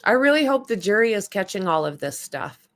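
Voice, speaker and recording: A woman's voice: medium pitch, big pitch swings, fairly quick, a bit bright. A woman hosting a casual livestream, commenting bluntly and with indignation while chatting with viewers. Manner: blunt, indignant, talks back to chat. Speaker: livestream host.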